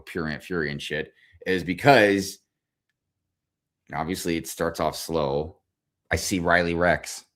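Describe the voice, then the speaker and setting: Brief: male streamer, profane comedic rant, lively up-and-down delivery, exasperated. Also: on the low side. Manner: swears constantly, animated and exasperated.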